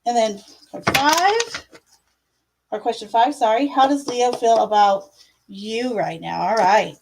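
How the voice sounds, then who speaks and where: A woman's voice: a little high, animated, unhurried, vocal fry, long pauses, background noise. A young woman giving casual tarot readings on a live stream, chatty and full of fillers, calling viewers love and my dear. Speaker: livestream tarot reader.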